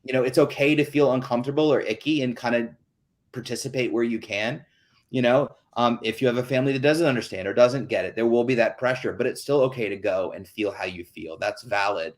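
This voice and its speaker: A man's voice: medium pitch, brisk. A man hosting an online town hall, talking in an earnest, chatty way with many fillers over a video call. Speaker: host.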